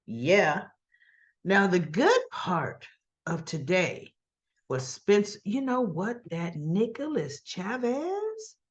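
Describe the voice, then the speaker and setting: A woman's voice: lowish voice, lo-fi sound. A woman casually recapping a soap opera episode, chatty and laughing often as she acts out the characters' lines.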